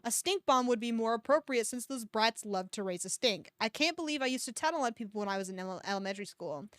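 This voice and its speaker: Animated and quick, a woman streamer with a slightly high, somewhat bright voice reads fan fiction for comic effect. She repeatedly stops to make fun of it with sarcastic, swearing commentary, in studio-quality audio with no room sound.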